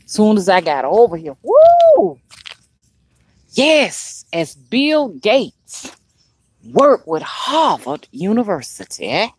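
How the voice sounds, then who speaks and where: A woman's voice: medium pitch, sing-song, takes it slowly, breathy edge, dry recording. A middle-aged woman hosting a casual spiritual live stream outdoors by a dusty street, rambling, greeting viewers by name and talking in folksy slang. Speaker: spiritual livestream host.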